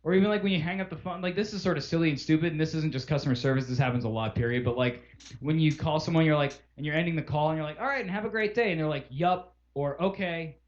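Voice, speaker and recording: A man with a slightly high voice rants in casual podcast chat, swearing freely and acting out both sides of phone calls. The audio is dull and lo-fi. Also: fairly even intonation, fast. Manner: profane, exasperated ranting with acted-out phone calls. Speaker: podcast co-host.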